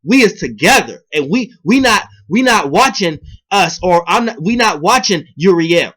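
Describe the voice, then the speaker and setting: An expressive male video blogger talks at normal speed, offering his viewers a meandering spiritual monologue laced with swearing. Loud, emphatic moments give way to muttering under his breath, and back again.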